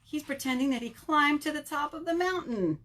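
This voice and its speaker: A woman working as a children's librarian, reading a picture book aloud in an animated, sing-song way and asking the children questions, recorded at home. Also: high-pitched, normal speed. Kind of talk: storytime read-aloud for children.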